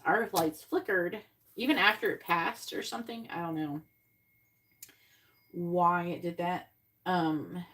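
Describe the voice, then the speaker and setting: A woman's voice: on the low side, fairly bright tone, slight background noise. A woman from Florida giving a live-stream tarot reading, chatting and thinking aloud between card pulls. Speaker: psychic reader.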